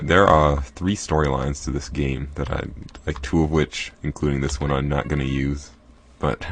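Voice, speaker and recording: A man's voice: rumbling low, creaky, slight background noise. A man hosting a let's play, chatting casually and apologetic over the gameplay. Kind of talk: casual game commentary. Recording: faint game music behind.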